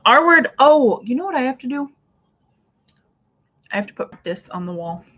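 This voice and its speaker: A woman's voice: medium pitch, animated, takes it slowly, lo-fi sound. A woman hosting a casual craft livestream, chatting with viewers and reading out their comments as she goes. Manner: chatty, reads out viewer comments, trails off and restarts.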